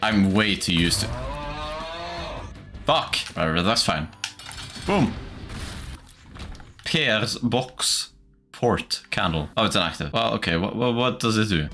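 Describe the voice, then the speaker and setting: A man streaming a game in casual commentary, excitable, swearing often and laughing a lot. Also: on the low side, takes it slowly, long pauses. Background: game music.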